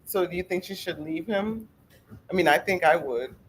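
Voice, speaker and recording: A woman's voice: fairly low pitch, moderate pace, slight background noise, rough recording. A woman asking the host probing questions in a casual chat. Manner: questioning, thoughtful. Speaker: interviewer.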